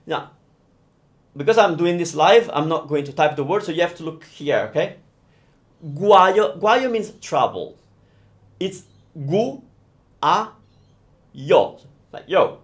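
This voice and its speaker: Animated Italian man teaching pronunciation. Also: on the high side. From Italy. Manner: animated, drawn-out demonstrations of sounds. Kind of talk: live-streamed pronunciation lesson.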